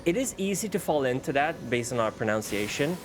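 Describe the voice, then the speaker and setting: A man's voice: medium pitch, big pitch swings, fairly quick, noisy background. A man with a Swedish accent, a native Swedish speaker, chatting casually while streaming a game, rambling and restarting his sentences. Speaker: VTuber streamer. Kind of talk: casual gaming stream commentary. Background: faint background music.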